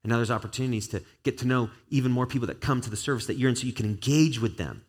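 A man's voice: medium pitch, rapid-fire. A man, a pastor, preaching an earnest and conversational sermon to his church, with a stretch of spoken prayer.

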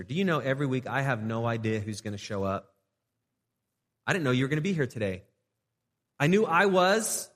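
A man's voice: mid-range voice, a bit bright. A man preaching a sermon as pastor of a young church, in a conversational way, often restarting phrases and acting out short prayers. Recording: long church reverb.

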